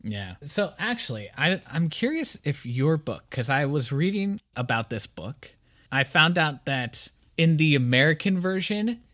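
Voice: medium pitch, very animated, measured pace, a bit bright. A podcast co-host discussing a book thoughtfully, sometimes repeating words while thinking.

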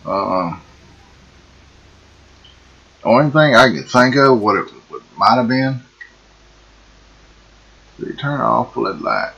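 Folksy, slow-talking gamer. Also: male voice, medium pitch, creaky, highs cut off. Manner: folksy, excitable, keeps saying folks. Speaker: gaming video host. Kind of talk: casual let's-play commentary.

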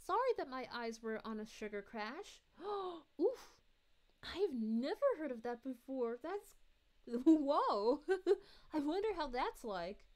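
A woman voicing a gentle, motherly cosmic princess, chatting sweetly and giggling as she reads chat messages on a live stream. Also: high voice, very animated, takes it slowly, heavily acted. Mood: cheerful. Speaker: VTuber streamer.

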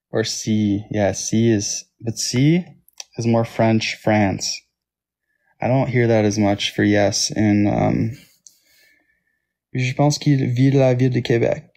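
A man's voice: mid-range voice, fairly even intonation, takes it slowly, creaky, pauses often, a little mellow. A man with a Toronto Canadian accent, chatting casually on a live stream and thanking viewers by name. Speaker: livestream host.

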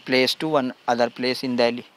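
Man with halting broken English. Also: medium pitch, little pitch movement, fairly bright tone. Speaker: spiritual teacher. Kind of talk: satsang talk telling a story. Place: outdoor gathering spot.

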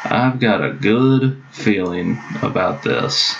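Gravelly man swearing through a strategy game. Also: lowish voice, lively intonation, takes it slowly. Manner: chatty, swears, jokes to himself. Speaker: gameplay commentator. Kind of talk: casual let's-play commentary. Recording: dull lo-fi mic with clear noise.

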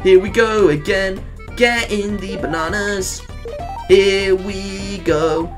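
A man commentating on his own gameplay in an excitable way, yelping and reeling off strings of "no". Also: high voice, slow. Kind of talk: let's play commentary. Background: faint game music.

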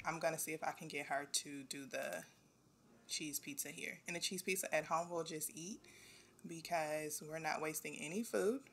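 A young woman giving casual gameplay commentary, talking to the game characters and grumbling at them when they are too slow. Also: deep voice. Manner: animated, talks to the game characters, exasperated asides. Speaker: gameplay video host. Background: faint background music.

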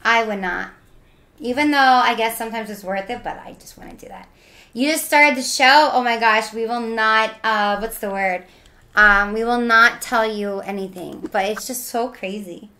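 A woman's voice: on the high side, measured pace, bright, forceful tone, echoey room. A young woman streaming a game, chatting casually and playfully with her viewers as she reads their messages aloud.

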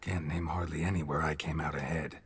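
An actor playing a weary middle-aged monster hunter in a video game, gruff and dry-witted. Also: male voice, a bass voice, level tone, a little fast, no echo, full character voice.

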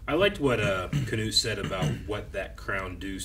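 Low-voiced man, set back from the mic. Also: lively intonation, moderate pace, recorded from a distance, noisy background. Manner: laughs readily, analyzes out loud. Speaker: co-host. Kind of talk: casual reaction discussion.

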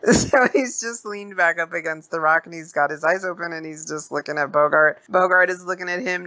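Animated profane woman recapping a film. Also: low-pitched. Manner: animated, profane, laughing storyteller. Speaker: podcast host. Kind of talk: casual movie recap.

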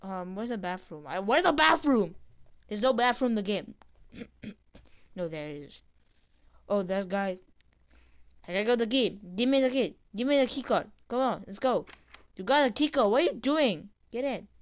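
A woman giving casual gameplay commentary, reading game dialogue aloud in an excitable way. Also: mid-range voice, moderate pace, long pauses. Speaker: gamer.

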